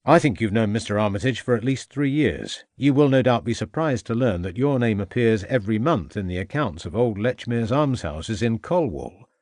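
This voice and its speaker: A man's voice: fairly low pitch, expressive, normal speed, hardly any pauses, a little mellow, dry recording, clean studio sound, lightly acted. A man voicing a stern Victorian police inspector who questions a suspect firmly and pressingly. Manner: firm, pressing interrogation.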